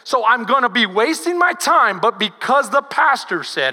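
A woman pastor with a Texan accent, preaching a sermon as lively storytelling that swings from loud to hushed. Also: a little high, unhurried, long reverb tail.

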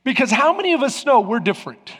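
A man in his forties preaching as a pastor, telling funny family stories in an animated, joking way and acting out voices. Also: very high voice, quick pace, breathy edge. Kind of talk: humorous sermon storytelling. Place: large church sanctuary. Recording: reverberant church hall.

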